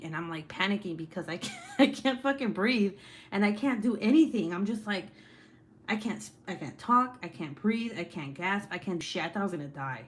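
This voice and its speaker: A woman in her thirties chats on her home livestream in a lowish voice. She tells stories with animation, swears casually and laughs often. A faint hum of background noise sits behind her. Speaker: livestream host. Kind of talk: casual livestream chat while crafting.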